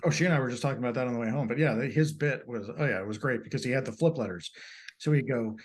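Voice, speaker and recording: A man's voice: medium pitch, quick pace, husky. A man co-hosting a podcast, telling stories with animation and acting out the people he quotes. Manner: animated storyteller, acts out quotes. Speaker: podcast co-host. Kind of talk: casual chat.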